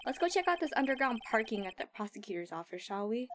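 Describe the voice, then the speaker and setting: A woman voicing an eager young female forensic scientist in a game, bright and excitable. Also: on the high side, fast, slight background noise. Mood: earnest. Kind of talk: game dialogue read aloud.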